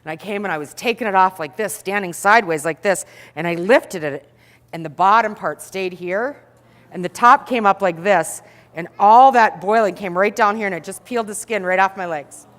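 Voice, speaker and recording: A middle-aged woman telling a story to an audience in an animated way, acting out the scenes. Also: medium pitch, moderate pace, in a large hall. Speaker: speaker.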